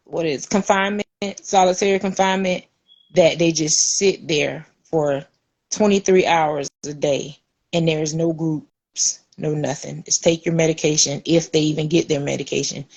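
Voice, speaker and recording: In a muffled recording, a low-voiced middle-aged woman chats on her podcast, bringing her stories to life by performing the voices of the people in them.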